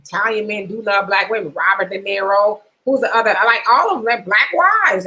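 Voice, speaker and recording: Bright-voiced woman reading chat comments. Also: mid-range voice, animated, fairly quick, rough recording. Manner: laughs often, reads comments aloud with asides. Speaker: livestream host reading viewer comments. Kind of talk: casual chat.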